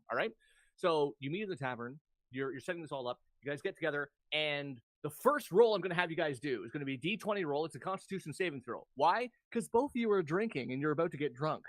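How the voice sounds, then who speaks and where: A man's voice: fairly high pitch, a bit bright, no room sound. A man running a tabletop game, explaining the rules casually with frequent ums. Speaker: game master.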